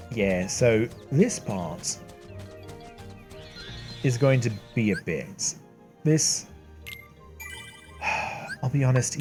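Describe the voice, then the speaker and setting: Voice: medium pitch, mellow. A young adult host giving rambling, casual commentary while playing a game. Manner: rambling, self-deprecating, laughs often. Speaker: let's play host.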